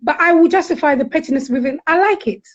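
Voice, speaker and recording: A high-voiced middle-aged woman, heard through dull audio, talks openly as a guest counsellor. Lively and blunt, she acts out quotes in the casual stories she tells.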